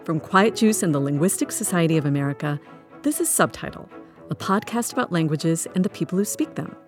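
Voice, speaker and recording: A woman's voice: on the low side, expressive, a little fast, soft background music. A woman hosting a podcast, reading a scripted intro expressively. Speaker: podcast host.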